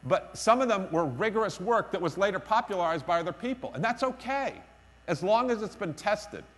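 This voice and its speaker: A man's voice: high-pitched, animated, a little fast, fairly bright tone. A man giving a conference keynote speech, emphatic and self-deprecating, repeating his key phrases. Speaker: keynote speaker. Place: conference hall. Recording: long reverb of a conference hall.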